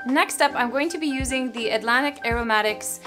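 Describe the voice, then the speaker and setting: A woman's voice: sits high, a little fast, music in the background. A young pregnant woman chatting casually to camera about things she loves, bubbly and gushing, a little out of breath, with frequent laughs. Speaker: vlogger. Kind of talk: casual product chat to camera.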